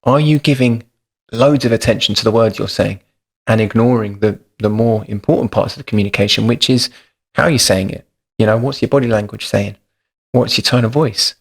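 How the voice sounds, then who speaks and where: Man, low voice, gravelly and husky, podcast host explaining things plainly. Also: a little fast. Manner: thoughtful, practical explainer.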